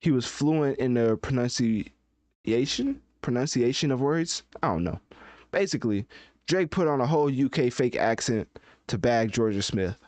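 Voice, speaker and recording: A man's voice: mid-range voice, expressive, normal speed, darkish tone, dry recording. A man hosting a casual live-stream podcast, chatting and thinking aloud as he looks things up. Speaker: podcast host.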